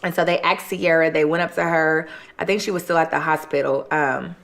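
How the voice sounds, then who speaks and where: A woman speaking in a slightly low voice as she chats her way through a true-crime story during a mukbang. Her delivery is loose and conversational, peppered with "like" and quick retold lines. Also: steady tone, creaky, a bit bright. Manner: chatty, full of "like" and retold quotes. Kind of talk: casual true-crime storytelling while eating.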